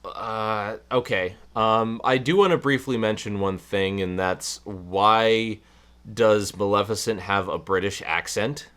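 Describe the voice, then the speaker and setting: A man's voice: lowish voice, slow, fairly bright tone, smooth. A man co-hosting a casual film review chat, talking with hesitant, stammering restarts. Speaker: podcast co-host.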